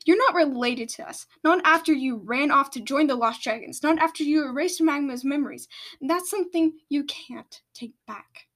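A woman's voice: high-pitched, moderate pace, fairly bright tone, voice pushed up. A woman reading aloud and voicing a stern, protective parent dragon who growls.

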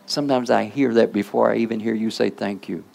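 A man's voice: on the low side, steady tone, fast talker, creaky, darkish tone. A man preaching a sermon in the role of a preacher, checking in with the congregation through call-and-response asides.

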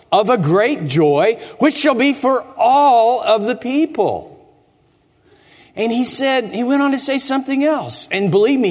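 High, lively-voiced man telling a story. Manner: theatrical, drops to hushed tones and asks the children questions. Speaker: pastor. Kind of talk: dramatic first-person storytelling for children. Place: church sanctuary. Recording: echoey church hall.

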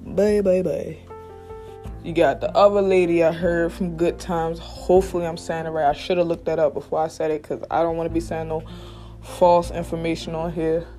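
A podcast host giving blunt, profane motivational straight talk, recorded alone at a quiet workplace late at night. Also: mid-range voice, level tone, normal speed, soft background music. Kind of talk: motivational casual monologue. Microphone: single mic.

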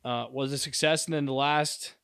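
A man's voice: medium pitch, steady tone, normal speed, vocal fry, fairly bright tone, smooth. A man co-hosting a podcast, talking casually and rambling with fillers and restarts. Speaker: podcast co-host. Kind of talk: casual chat.

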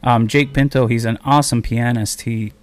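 Male community radio host, from a border reservation, rambling and easygoing, middle pitch. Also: fairly even intonation, moderate pace, no room sound. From Akwesasne, on the Canada-US border. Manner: rambling, loose, with many fillers. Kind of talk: casual live radio interview.

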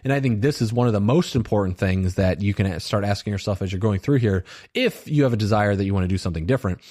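A man's voice: fairly low pitch, fast, a little mellow. A middle-aged man hosting a solo podcast, talking earnestly and loosely, with lots of fillers like "you know" and "like.". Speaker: podcast host. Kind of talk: solo self-reflection podcast monologue.

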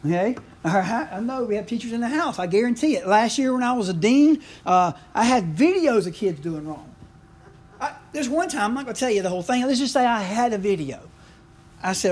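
A middle-aged man preaches in a chatty, folksy way. His voice sits a little high. Faint noise hums behind him in the church recording. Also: sing-song, brisk, darkish tone. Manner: folksy, conversational preaching with frequent asides. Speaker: pastor. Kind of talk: sermon.

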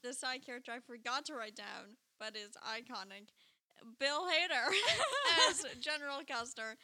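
Young woman gabbing about a movie, bright high-ish voice, laughs a lot. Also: animated, normal speed. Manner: chatty, lots of "like" and laughter. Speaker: podcast co-host. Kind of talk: casual movie review chat.

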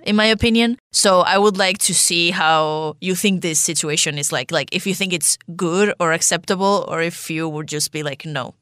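Woman, podcast co-host, casual chat, bright tone, dry recording. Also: lowish voice, dry recording. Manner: chatty, lots of "like" fillers, animated retelling.

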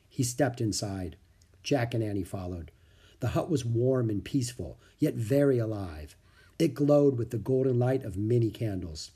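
Male narrator, children's book, husky, animated delivery. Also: medium pitch, normal speed.

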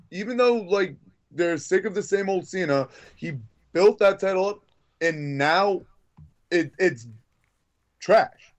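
Rambling man in casual wrestling chat. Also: sits high. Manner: rambling, many filler words and restarts.

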